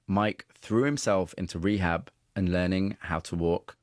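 Deep-voiced male documentary narrator. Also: fairly even intonation, a little slow, no room sound, studio quality.

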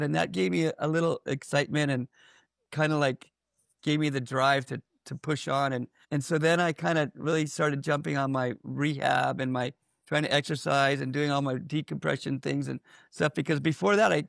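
Gravelly man telling a halting personal story. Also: on the high side, no echo, studio quality. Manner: halting, with many fillers and restarts. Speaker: interviewee. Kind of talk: candid personal account.

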